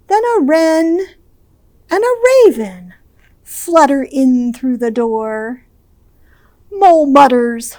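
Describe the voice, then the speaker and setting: A woman children's librarian reading a picture book aloud at storytime, expressive and drawn out, with hushed shushes. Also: high voice, slow pace, pauses often, no echo. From Ohio, US.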